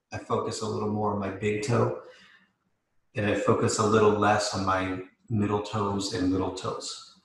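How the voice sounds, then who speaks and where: A man leading a live mobility class as yoga instructor, calmly cueing each step while demonstrating. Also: fairly low pitch. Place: yoga studio. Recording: echoey room.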